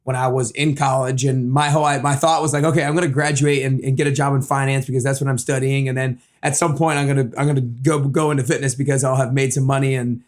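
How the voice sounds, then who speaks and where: Fast-talking male podcast host. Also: mid-range voice, little pitch movement. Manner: conversational, agreeable interviewer. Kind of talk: casual interview chat.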